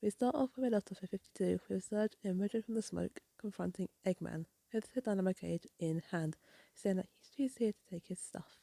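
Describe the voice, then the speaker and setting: A woman casually recaps a comic issue, rambling and often apologizing. Her voice is mellow and gravelly. The recording is dry and close. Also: medium pitch, fairly quick, no room sound. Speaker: comic reviewer. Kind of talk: casual chat.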